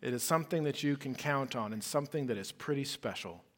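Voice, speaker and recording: A man's voice: medium pitch, animated, fast. A man preaching a sermon as pastor, conversational and emphatic, with rhetorical questions.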